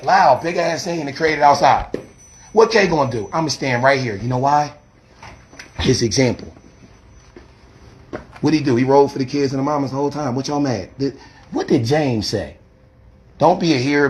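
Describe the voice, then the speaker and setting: A man, a street preacher, defensively arguing and talking fast over others while filming a confrontation outdoors on his phone. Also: mid-range voice, slight background noise. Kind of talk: heated self-filmed confrontation. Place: outdoors by a church. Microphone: handheld phone camera.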